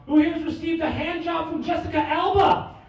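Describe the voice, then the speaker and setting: A man's voice: very high voice, steady tone, brisk. A man doing a stand-up comedy set in a bar, with cocky, mock-boastful bragging. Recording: echoey room from far off.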